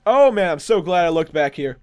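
A man hosting a gaming video, giving casual commentary in an excitable, jokey way and laughing at his own bad puns. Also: high voice, fairly quick, clear, resonant tone.

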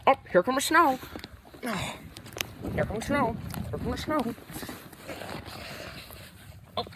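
Brief: goofy bird sidekick, woman voicing it, sing-song, husky. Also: high-pitched, expressive, drawn-out words, a bit bright, heavily acted, low-quality recording. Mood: playful. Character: goofy pet bird hunting companion.

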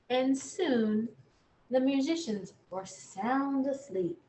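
Gentle woman storyteller, lilting and unhurried, bedtime read-aloud for kids. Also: sits high, lively intonation, a little hiss or hum. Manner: gentle, sing-song, talks to children. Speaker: children's librarian. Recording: echoey room.

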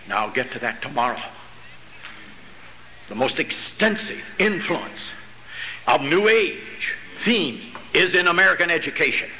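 A man's voice: medium pitch, sharp tone, a little hiss or hum, rough recording. A middle-aged man giving a lecture-style sermon, emphatic, hammering key words and dropping rhetorical questions and dry joking asides. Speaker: convention speaker.

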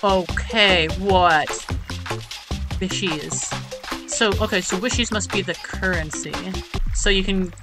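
A woman chatting casually as she plays a cozy video game, excitable and quick to gush at every cute thing. Her voice is middle-pitched. Steady game music runs underneath. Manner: excitable, gushing. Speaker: let's play host. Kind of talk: casual gameplay commentary.

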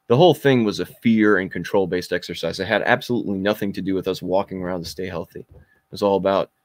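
A man's voice: lowish voice, quick pace, no echo. A man in his forties, a podcast guest, bluntly and intensely recounting his own past with frequent fillers. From Kentucky. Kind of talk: personal storytelling.

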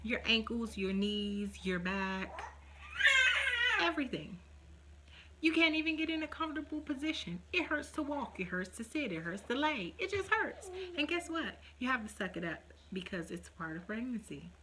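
A young woman talks straight to her viewers in a casual vlog chat, animated and dramatic, often mimicking what others say. Her voice is bright and forceful. A faint hum of noise sits under the recording. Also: fairly high pitch, normal speed. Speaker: vlogger.

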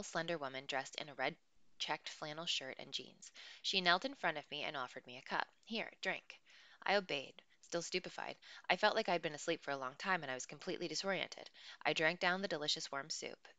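A woman reading a novel aloud chapter by chapter, slow and careful, with occasional small slips. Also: deep voice, pushed and bright, dry recording. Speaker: audiobook reader.

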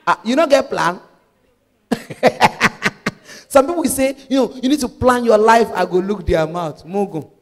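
A woman evangelist with a Nigerian accent preaching a sermon, animated and slipping into Pidgin. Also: mid-range voice, fairly quick, hardly any pauses, in a large hall.

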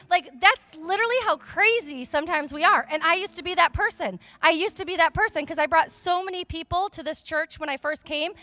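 Pastor's wife in church, high voice, emphatic and chatty, talking to the congregation. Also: female voice, pushed and bright. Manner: fervent, emphatic, chatty storytelling. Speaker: pastor's wife giving a testimony. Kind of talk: church testimony and exhortation. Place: church sanctuary during a service. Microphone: handheld microphone.

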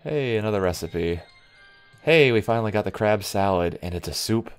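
A man's voice: lowish voice, expressive, normal speed, smooth, soft background music. A young man giving offhand, wry let's-play commentary as he plays a game, muttering remarks to himself. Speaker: gaming video host.

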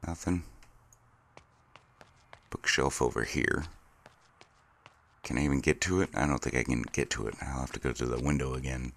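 A man's voice: very deep voice, fairly even intonation, a little fast, vocal fry, a bit bright. A young man casually commenting on his own gameplay, grumbling and talking to himself as he plays. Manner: grumbling, talks to himself while playing. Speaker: gaming YouTuber.

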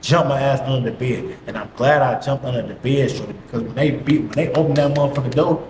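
A man's voice: mid-range voice, fast talker, darkish tone. A young man telling a story in a casual, slangy, profane monologue full of repeated catchphrases. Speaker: vlogger. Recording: echoey room, faint hiss.

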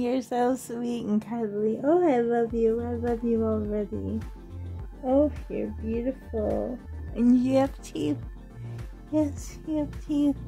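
A woman's voice: on the high side, vocal fry, dark tone. A woman vlogger gushing with delight as she unboxes and cuddles a doll, rambling and full of fillers. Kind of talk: excited unboxing vlog.

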